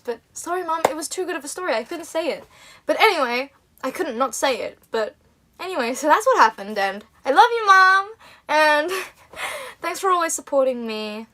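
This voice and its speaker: A young woman chats to her fans on a livestream in a high, bright voice. She races through an anecdote, giggling, restarting and acting out what others said. It feels loose and unscripted. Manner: animated and giggly, rambling with restarts; acts out other people's lines in quotes. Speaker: livestream host. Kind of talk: casual storytelling to fans.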